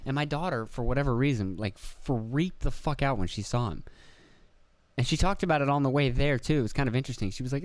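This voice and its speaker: A man's voice: medium pitch, quick pace, no room sound. A man in his thirties from Pennsylvania, hosting a podcast and telling rambling, profane stories about family outings, acting out the voices of the people in them. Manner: profane, rambling storyteller who acts out quoted voices. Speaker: podcast host. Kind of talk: casual rambling monologue.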